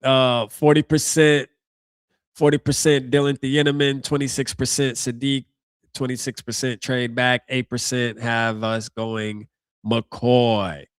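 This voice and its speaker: A man's voice: medium pitch, level tone, unhurried, clean tone, no echo, studio quality. A man hosting a live reaction stream, talking casually in slang and thinking aloud as he goes.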